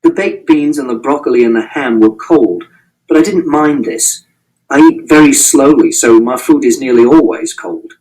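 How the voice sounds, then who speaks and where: A man's voice: mid-range voice, lively intonation, moderate pace, a little mellow, recorded from a distance, low-quality recording. A man reading a novel aloud in first person, in a plain, matter-of-fact, literal way. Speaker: audiobook reader.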